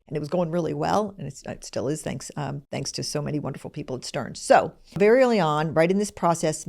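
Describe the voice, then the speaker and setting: A woman's voice: deep voice, vocal fry, a little mellow. A middle-aged woman who hosts the show, telling a personal story in a candid, self-deprecating way. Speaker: host.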